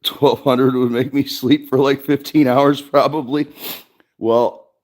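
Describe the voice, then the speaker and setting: A man's voice: mid-range voice, steady tone, a little slow, darkish tone. A man hosting a casual livestream from his garage, talking in a rambling, laid-back way and swearing often. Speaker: livestream host.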